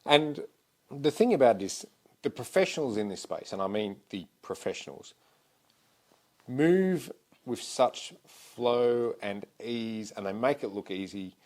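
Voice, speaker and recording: A man co-hosting a podcast, recounting a security job in a brisk, emphatic conversational way. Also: mid-range voice, expressive, darkish tone. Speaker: podcast co-host. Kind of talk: casual conversation.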